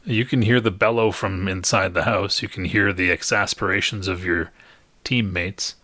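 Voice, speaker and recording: A man narrating a tabletop game as game master, slow and wry, with puns and chuckles. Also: low voice, fairly even intonation, pushed and bright, dry recording.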